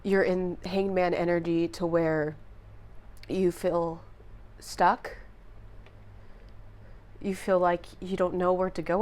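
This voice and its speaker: A young woman with a slightly low voice reads tarot cards for her viewers. She talks in a halting, heartfelt way, pausing and restarting as she goes. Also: level tone, a little mellow. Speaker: tarot reader. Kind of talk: intuitive tarot reading to viewers.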